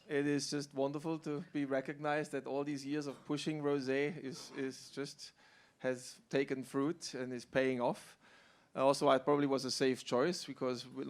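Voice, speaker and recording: A middle-aged man from Germany, a winemaker speaking on a panel, telling his story in a relaxed way with fillers. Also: mid-range voice. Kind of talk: panel talk.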